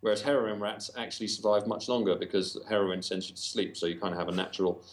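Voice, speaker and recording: Low-voiced Northern English man, halting. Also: level tone. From Northern England. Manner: hesitant, many fillers and restarts, dry humor. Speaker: guest. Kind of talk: casual podcast chat.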